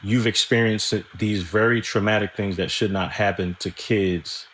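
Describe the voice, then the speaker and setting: A man talking candidly as a podcast guest, reflective and halting, often restarting his sentences and swearing now and then. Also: on the low side, steady tone, fairly bright tone, a little hiss or hum. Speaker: guest screenwriter. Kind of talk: candid conversational interview.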